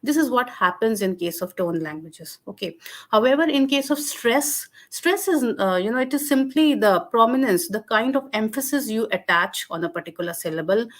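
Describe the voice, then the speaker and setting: A woman's voice: on the high side, lively intonation, moderate pace. Woman, Indian English accent, guest lecturer taking Q&A on a video call; patient and explanatory, with frequent fillers and self-corrections. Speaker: webinar guest speaker on linguistics. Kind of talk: answering audience questions in a webinar.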